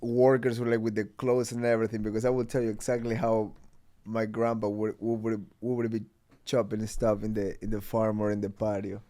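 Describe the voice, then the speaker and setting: A podcast host from Ecuador, telling stories in a loose, rambling way full of fillers. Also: male voice, fairly low pitch, little pitch movement, a little fast, mellow. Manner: rambling storytelling with many fillers, laughs often. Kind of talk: casual chat.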